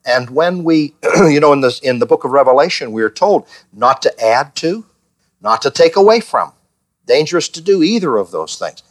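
A man's voice: fairly high pitch, very animated, normal speed. A man leading a Bible study class, putting questions to the group and acting out the lines he quotes. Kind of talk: teaching a small class.

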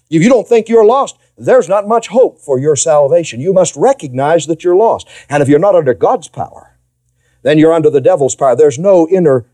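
A man preaching a sermon as pastor, swinging between forceful emphasis and hushed, low phrases. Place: church.

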